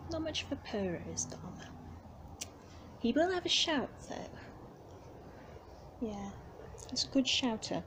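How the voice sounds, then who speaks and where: Woman, young adult, gentle cooing, soft whispers, unhurried, indoor cattery, faint background purring. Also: fairly high pitch, very animated, noisy background. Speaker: cattery keeper. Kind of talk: soft chat to cats. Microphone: handheld camera. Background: faint purring and cattery ambience.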